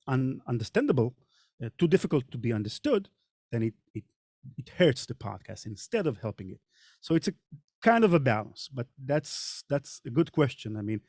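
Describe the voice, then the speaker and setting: A middle-aged man with a Hebrew accent hosts and narrates a casual podcast panel chat, speaking thoughtfully with frequent hesitations. His mid-range voice has a darkish tone. The studio recording is clean, with no room sound.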